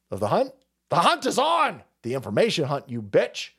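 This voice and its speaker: Man, streamer, crude mocking rant, lively swinging pitch, fairly high voice. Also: normal speed, gravelly, husky. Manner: does mocking falsetto voices when quoting others. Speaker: political commentary streamer. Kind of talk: profane ranting commentary on clips.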